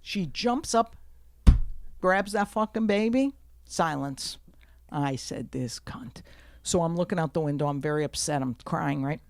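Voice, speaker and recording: A woman comedian telling stories on a podcast, profane and animated, jumping to shouts when she acts out scenes, recorded in a studio. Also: fairly low pitch, moderate pace. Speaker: guest comedian. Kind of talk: storytelling in a podcast conversation.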